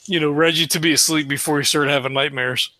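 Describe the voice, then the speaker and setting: A man telling his part in a tabletop game in an animated way, swearing a lot. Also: fairly high pitch, fast talker, no echo. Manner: animated storytelling, swears often. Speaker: player. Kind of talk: casual tabletop role-play.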